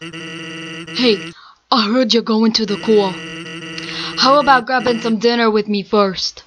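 A woman's voice: medium pitch, takes it slowly, a crowd in the background, natural voice. A woman reading a lazy joking skeleton. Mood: laid-back. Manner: laid-back, drawling, joking. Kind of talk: reading game dialogue aloud.

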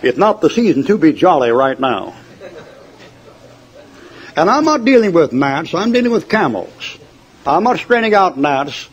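A man's voice: on the high side, very animated, unhurried, pauses often, breathy edge. An older man preaching a fiery, folksy sermon to a congregation, mocking his opponents and laughing at his own joke stories. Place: church before a congregation. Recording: dull lo-fi sermon tape.

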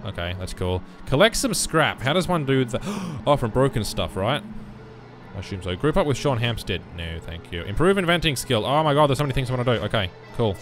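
A young man giving casual let's play commentary, muttering through menu choices with sudden loud bursts of excitement. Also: mid-range voice, brisk, soft background music. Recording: noisy background with game rain.

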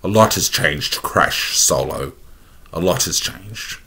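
Australian man reading female jedi master, cool and confident, dry delivery, low husky voice. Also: slow, pushed and bright, heavily acted.

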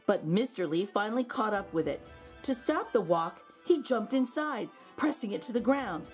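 A woman reading a children's picture book aloud, expressive with gentle asides. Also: medium pitch, normal speed, faint music behind.

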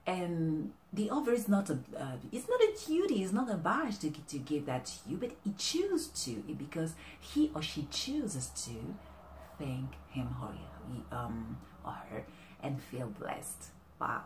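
A woman talking casually to camera with relationship advice, animated and halting, often restarting her sentences. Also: sits low, reverberant, slight background noise. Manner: animated, often acting out quoted exchanges. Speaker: vlogger giving relationship advice.

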